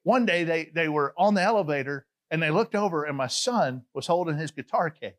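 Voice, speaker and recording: A middle-aged man from Atlanta, Georgia with a Southern accent, preaching a sermon as a chatty, animated storyteller with frequent asides. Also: on the high side, brisk. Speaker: pastor.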